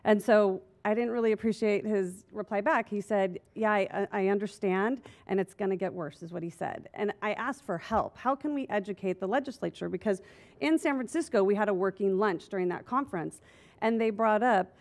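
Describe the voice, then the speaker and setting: A woman board member speaks plainly at a public meeting, with frequent restarts. She sounds frank and determined to keep fighting. Her voice sits at an ordinary middle pitch. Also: a little fast, a little mellow. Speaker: school board member and delegate. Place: school board meeting room.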